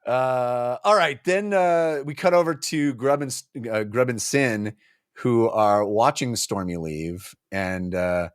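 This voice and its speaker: A man co-hosting a book club podcast, chatting casually in a slangy, animated way. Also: medium pitch, takes it slowly, clean tone, dry recording, studio quality. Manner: animated, slangy, acts out quotes. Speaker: podcast co-host.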